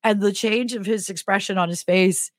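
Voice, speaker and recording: A woman's voice: medium pitch, normal speed, dry recording, clean studio sound. A middle-aged woman co-hosting a podcast, telling a funny story in a casual way and acting out the voices in it. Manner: animated, acts out the voices in her stories. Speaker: podcast co-host.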